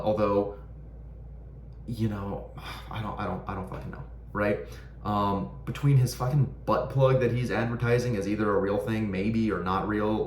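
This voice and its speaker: A man ranting casually, frustrated and profane, rambling with frequent restarts. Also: on the low side. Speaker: knife collector ranting on his channel. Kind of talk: casual rant. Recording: echoey room with faint ambient noise.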